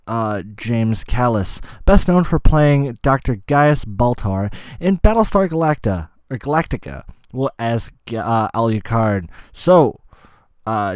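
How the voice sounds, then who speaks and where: A man's voice: medium pitch, darkish tone, clean tone, dry recording. A man hosting a casual solo gaming podcast, rambling, swearing often and losing his train of thought. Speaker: podcast host.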